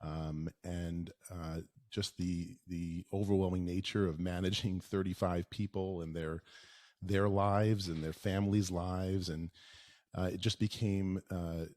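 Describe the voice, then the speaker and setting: A soft-spoken man being interviewed as a guest, answering in a halting way with many pauses and fillers. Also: low voice, steady tone, no room sound. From Long Island, New York. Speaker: oral surgeon, interview guest.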